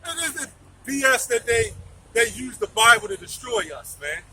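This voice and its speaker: A man's voice: very high voice, lively intonation, normal speed, pushed and bright, far from the mic, slight background noise, rough recording. A man preaching in a street debate, emphatic, asking questions and repeating his phrases.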